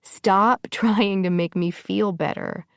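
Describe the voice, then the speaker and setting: A woman narrator voicing a panicked, tearful young warrior woman, pitched up and pleading in an audiobook. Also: steady tone, takes it slowly, creaky, dry recording, clean studio sound. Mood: teary, wry. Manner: distraught, sobbing, self-blaming.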